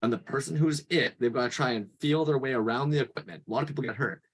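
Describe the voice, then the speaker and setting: Husky canadian guy rattling off stories quick, casual podcast chat. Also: mid-range voice. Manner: animated storyteller, swears freely. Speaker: podcast guest.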